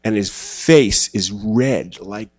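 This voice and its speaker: A man's voice: on the low side, takes it slowly, breathy edge. Man giving a casual, storytelling sermon. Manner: casual, self-deprecating, acts out quoted voices. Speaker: church speaker. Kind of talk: conversational sermon with personal stories.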